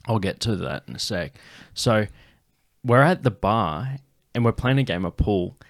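A man's voice: on the low side, animated, unhurried, no room sound, studio quality. An Australian man hosting a podcast, telling a rambling story in casual chat, swearing often and laughing a lot. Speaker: podcast host.

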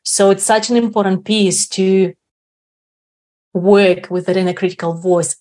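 A woman's voice: medium pitch, a little mellow. A woman guest on an interview show, explaining ideas in a reflective way and checking in with tag questions. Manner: frequent tag questions like "right?". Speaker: guest speaker on inner confidence.

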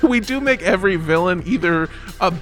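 A man's voice: sits high, animated, brisk, fairly bright tone, soft background music. A man co-hosting a podcast in casual comedic chat. He jokes around and laughs often. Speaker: podcast co-host.

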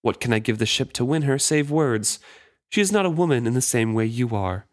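A man's voice: mid-range voice, lively intonation, brisk, dry recording, clean studio sound, natural voice. A man reading the lines of a proud, cruel male pirate captain in a book discussion podcast, with little change from his own voice.

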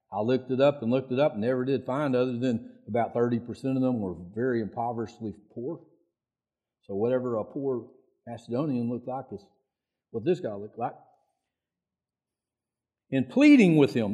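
A pastor delivers a folksy, repetitive sermon in a mid-range, darkish voice. He raises his voice whenever he acts out prayers.

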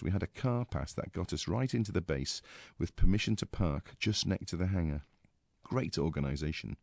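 A man's voice: sits low, gravelly, warm tone, no echo, clean studio sound. A man from England, a regular contributor, reading out a clipped, anecdotal personal piece.

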